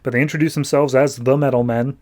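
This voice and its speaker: A man's voice: medium pitch, fairly even intonation, fast talker, darkish tone. A man hosting a podcast, casually recapping a comic with jokes and acted-out voices. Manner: chatty, jokey, acts out the characters. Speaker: podcast host.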